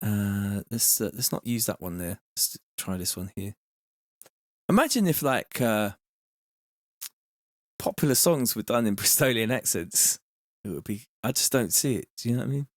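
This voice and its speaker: A man's voice: lowish voice, lively intonation, moderate pace, long pauses, no room sound. Laid-back London man, dry close sound. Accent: London English. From England. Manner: laid-back, slangy, thanks viewers warmly. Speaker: music producer streaming live. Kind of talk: casual livestream chat.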